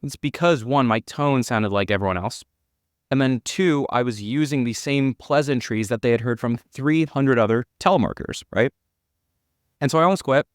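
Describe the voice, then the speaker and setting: A man telling a sales story and giving cold-calling advice in a measured, deliberate way. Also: medium pitch, dry recording, clean studio sound. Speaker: sales expert.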